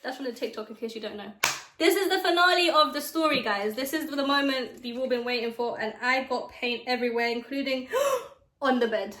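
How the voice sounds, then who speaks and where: A young woman with a British accent telling a story time in a chatty, dramatic way, with quick asides. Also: sits high, fairly bright tone, slight background noise. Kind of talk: casual storytime chat while doing makeup. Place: bedroom at home. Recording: echoey room.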